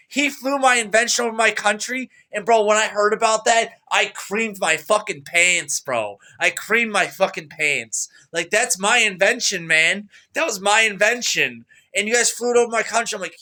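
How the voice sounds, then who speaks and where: Young male vlogger, boastful rambler, bright voice pitched slightly high. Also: a little fast. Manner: boastful, rambling, excitable, repeats himself. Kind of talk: rambling monologue to camera.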